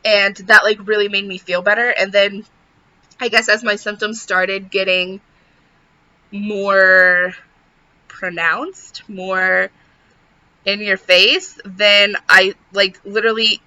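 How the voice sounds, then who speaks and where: A young pregnant woman talks to her camera in a very bright, tense voice. She rambles and fills every pause with "like". The sound is dull and lo-fi. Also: medium pitch, little pitch movement. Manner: rambling, says "like" constantly. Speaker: vlogger. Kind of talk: casual chat to camera.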